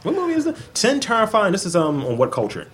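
A man's voice: high-pitched, fast talker. A man co-hosting a podcast in casual chat, swearing freely and acting out quotes as he tells stories. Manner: swearing, animated, acts out quotes. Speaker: podcast co-host.

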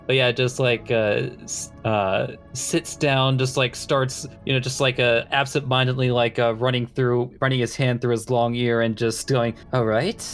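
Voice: medium pitch, little pitch movement, moderate pace, few pauses, soft background music. Hesitant, giggly tabletop player. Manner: hesitant, filler-heavy, giggly. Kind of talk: casual tabletop play.

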